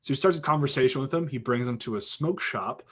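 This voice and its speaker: A man's voice: medium pitch, fast, husky. A young man talks on a podcast in a loose, chatty way. He tells a story with a lot of energy, filling it with "like" and restarting his sentences as he goes. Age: young adult. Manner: animated anecdote with lots of "like" and restarts. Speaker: podcast guest. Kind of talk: casual storytelling.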